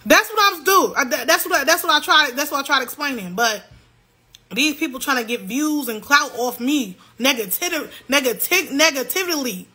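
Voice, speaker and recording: A young woman vents to her livestream viewers in a heated, loud, profane rant. Her voice sits high and sounds bright and sharp. She repeats herself again and again as she pushes her point. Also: expressive, normal speed.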